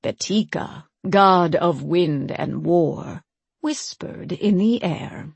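A woman voicing an ancient, unhurried priest. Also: low-pitched, creaky, breathy edge, no room sound, full character voice. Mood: storytelling. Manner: calm, measured storytelling.

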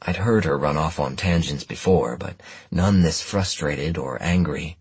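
A man narrating a first-person story in a measured, even way on a close studio mic. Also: rumbling low, breathy edge, dry recording. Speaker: audiobook narrator.

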